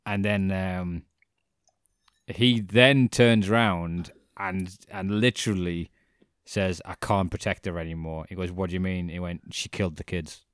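Male co-host, low pitch, dry booth sound, animated storyteller. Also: measured pace, smooth, dry recording. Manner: animated storyteller, acts out quotes, laughs often. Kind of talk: casual chat retelling a documentary.

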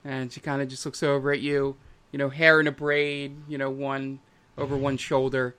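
A man's voice: mid-range voice, level tone, moderate pace, a bit bright, clean tone. A man running a tabletop game as game master, talking casually with plenty of fillers. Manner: casual, rambling with many fillers.

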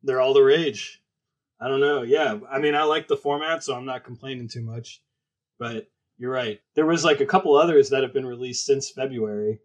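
A man's voice: mid-range voice, normal speed. Easygoing male podcast co-host. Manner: easygoing, laughs along. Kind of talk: casual film podcast chat.

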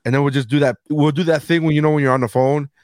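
A man's voice: a little high, fairly even intonation, racing, dry recording. A man co-hosting a casual comedy podcast, telling stories and acting out the people in them, swearing often. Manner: storytelling, acts out quoted people, swears often. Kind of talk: casual chat.

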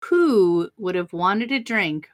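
A woman's voice: mid-range voice, lively intonation, slow pace. A woman co-hosting a podcast in casual chat, making wry asides and swearing casually. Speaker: podcast co-host. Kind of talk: casual chat recapping a TV episode.

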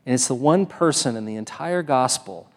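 A man's voice: medium pitch, expressive, moderate pace, in a large hall. A man preaching a sermon as pastor, talking in a conversational way with frequent fillers and restarts.

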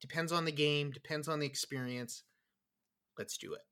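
A man co-hosting a casual podcast, playful and quick to laugh. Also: a little high, fairly even intonation, pushed and bright, smooth. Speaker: podcast co-host.

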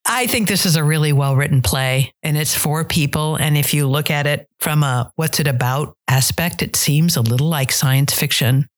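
A woman's voice: sits low, normal speed, hardly any pauses. A middle-aged woman who coaches dialects and directs theater, chatting in an interview and telling stories with restarts. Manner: chatty storyteller, trails off and restarts. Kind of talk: casual interview conversation.

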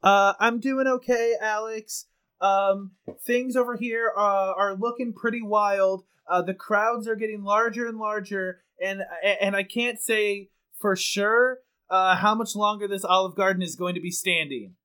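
A man doing a deadpan field reporter. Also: high-pitched, unhurried, clear, resonant tone. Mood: mock-serious. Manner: mock-serious reporter delivery. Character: male on-scene news correspondent, earnest and deadpan.

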